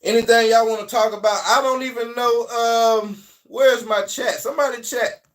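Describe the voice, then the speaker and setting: A man with a Southern US accent hosting a casual livestream, talking in a loose, rambling way that swings between loud and quiet. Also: very high-pitched, fairly even intonation, normal speed, far from the mic. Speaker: livestream host.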